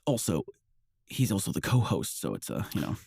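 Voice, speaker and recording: A male podcast host talking in an easygoing, rambling way, full of fillers and quick laughs. His voice sits fairly low. The sound is dry and close to the mic. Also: very animated, vocal fry, darkish tone, breathy edge, dry recording. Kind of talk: casual podcast chat.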